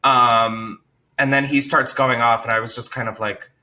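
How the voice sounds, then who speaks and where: Man, casual storytelling, bright forceful voice, swears a lot, shouty impressions. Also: medium pitch, flat delivery, moderate pace.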